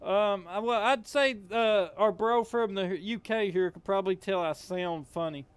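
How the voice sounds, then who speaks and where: A man's voice: high voice, moderate pace, smooth, no room sound. A young man from Kentucky with a Southern accent, chatting casually while streaming a game, rambling with lots of fillers. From Appalachian Kentucky, US. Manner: rambling, filler-heavy, drawling. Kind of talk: casual gameplay chat.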